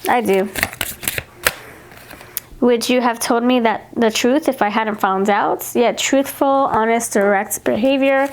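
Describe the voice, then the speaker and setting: A woman with a fairly high voice giving a pick-a-card tarot reading in a loose, chatty way. She repeats words as she goes and reads each card's message aloud. Faint noise sits behind her. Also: fairly even intonation, normal speed. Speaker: tarot reader.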